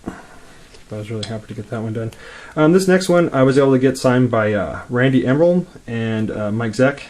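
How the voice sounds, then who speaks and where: A laid-back man chatting through a casual show-and-tell, his voice sitting at an ordinary middle pitch. He rambles along quickly with plenty of fillers and restarts. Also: animated, darkish tone. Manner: talks quickly. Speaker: comic collector vlogger.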